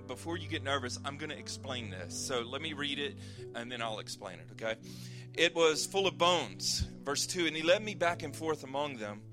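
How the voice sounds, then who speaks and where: A man preaching a sermon, reading scripture slowly and earnestly, then praying and explaining in a conversational way with some fillers and restarts. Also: mid-range voice. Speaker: pastor.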